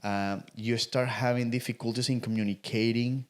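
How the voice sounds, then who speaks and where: A man co-hosts a relaxed podcast conversation. His voice sits at a middling pitch. He talks in loose, restarting sentences, often repeating words and checking in with "right?". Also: normal speed. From Latin America. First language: Spanish. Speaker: podcast co-host. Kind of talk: casual conversation.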